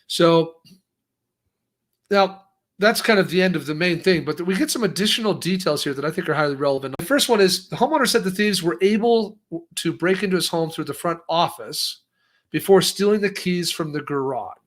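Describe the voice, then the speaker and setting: Lively higher-voiced man, chatty. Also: normal speed. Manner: lively, acts out quotes, frequent restarts. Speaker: co-host. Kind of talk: casual news commentary.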